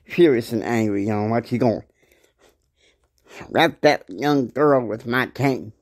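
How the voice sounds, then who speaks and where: Man retelling a story casually, rambling and slow, mellow tone. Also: medium pitch, lively intonation. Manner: rambling, many fillers and restarts.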